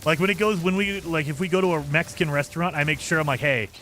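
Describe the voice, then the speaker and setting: A man's voice: a little high, rapid-fire, sharp tone, a little hiss or hum. A man streaming a game, chatting casually and reacting to viewer comments with lots of fillers. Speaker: gaming streamer. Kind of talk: casual chat with live chat.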